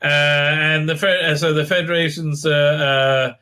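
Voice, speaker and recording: Man, slightly high, bright and forceful voice, sarcastic rambling recap host from Israel. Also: fairly even intonation, a little slow, clear, resonant tone. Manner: rambling, many fillers and restarts, sarcastic. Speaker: TV show reviewer. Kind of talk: casual recap with mocking impressions.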